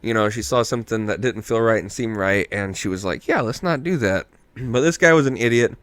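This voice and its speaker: A man's voice: lowish voice, fairly quick, a bit bright, smooth, no room sound. A tipsy man hosting a podcast, rambling through a movie recap in casual chat and swearing freely. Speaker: podcast host.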